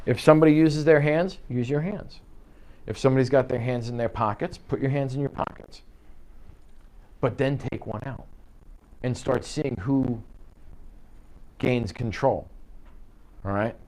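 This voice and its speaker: A man leading a live sales training session in an office, coaching with energy and acting out quick client exchanges. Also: mid-range voice, a little mellow. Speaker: real estate sales trainer. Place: office meeting room.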